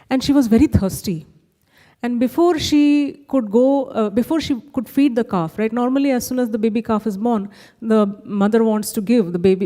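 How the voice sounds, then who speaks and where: A woman gently telling a devotional story at a temple, explaining as she goes and often checking in with "right?". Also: mid-range voice. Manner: gentle, explanatory, with frequent "you know" and "right?". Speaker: speaker at a temple class. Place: temple hall. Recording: long hall reverb.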